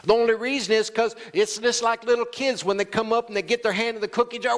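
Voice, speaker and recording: A man's voice: high voice, a little fast, few pauses, fairly bright tone. A male pastor preaching a sermon, calling out to the congregation and acting out quoted voices. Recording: long church hall reverb.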